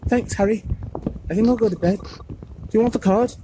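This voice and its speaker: Man doing timid schoolboy, storybook, shaky mumbling, raised pitch, noisy recording. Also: normal speed, natural voice.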